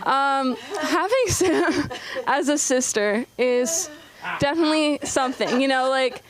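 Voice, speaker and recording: High-voiced young woman rambling on stage. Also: a little slow, crowd noise. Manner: nervous rambling with many ums and likes. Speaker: first-time stand-up comic. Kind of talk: open-mic stand-up set. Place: comedy club stage. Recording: live club audience noise.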